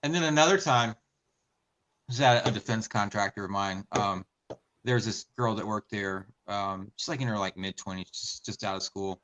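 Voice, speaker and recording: A man in casual podcast chat, telling personal stories in an earnest, halting way. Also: on the low side, noisy background. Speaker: podcast co-host.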